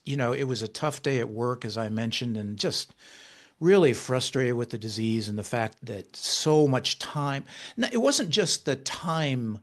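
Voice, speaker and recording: Man telling a personal story, halting. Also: medium pitch. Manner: halting, with frequent restarts; animated when quoting himself. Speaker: author and guest.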